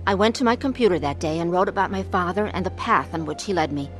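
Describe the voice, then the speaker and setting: Here a woman with a lowish voice talks fast and animatedly, her delivery natural, over soft background music. She serves as narrator and main character, earnestly voicing a troubled adult woman in emotional pain. It's a somber, dramatized first-person testimony.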